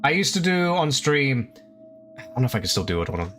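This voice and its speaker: A man's voice: medium pitch, very animated, quick pace, fairly bright tone. A man streaming live, chatting casually while he draws. He rambles, laughs often and swears freely.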